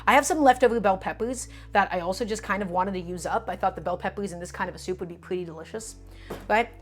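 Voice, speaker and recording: A woman's voice: mid-range voice, quick pace, faint music behind. A woman hosting a live cooking stream from her home kitchen, chatting enthusiastically with viewers as she chops vegetables. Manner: enthusiastic, repetitive, addresses viewers as friends.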